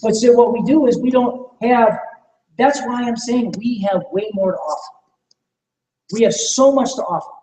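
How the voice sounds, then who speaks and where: A man's voice: very high-pitched, moderate pace, mellow. A man leading a live sales training talk, enthusiastic and persuasive, asking the room questions. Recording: echoey room from far off, faint noise.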